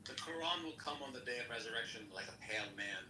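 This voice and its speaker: A man's voice: medium pitch, lively intonation, fast, pushed and bright, echoey room, slight background noise, rough recording. A man hosting a casual online debate, mocking and joking as he reads texts aloud.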